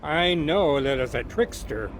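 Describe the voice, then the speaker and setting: A man's voice: fairly high pitch, animated, unhurried, slight background noise. A man voicing a young lad who is stubborn and greedy for gold, spoken firmly and plainly. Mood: insistent.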